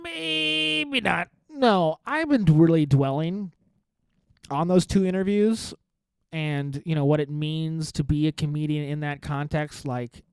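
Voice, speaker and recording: A man's voice: a little high, unhurried, dark tone, smooth, dry recording. Rambling self-mocking man, dry close mic. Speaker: podcast host and stand-up comic. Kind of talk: casual solo podcast monologue.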